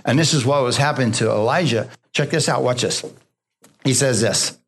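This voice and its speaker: A pastor preaching a sermon, drawing amens from the congregation and dropping to a soft, low voice when he quotes God. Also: moderate pace, a little hiss or hum. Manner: call-and-response preaching, asking the congregation for amens; drops low and soft for God's voice, rises for emphasis.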